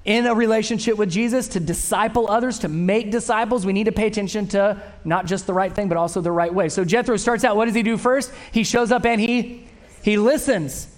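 A man preaching a sermon, lively and engaged, acting out quoted lines and inviting listeners to repeat a phrase. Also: high voice. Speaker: pastor.

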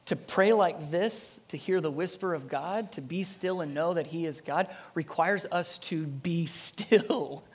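A pastor preaching a sermon with dramatic delivery, swinging between loud passages and soft ones. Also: mid-range voice, slightly rough.

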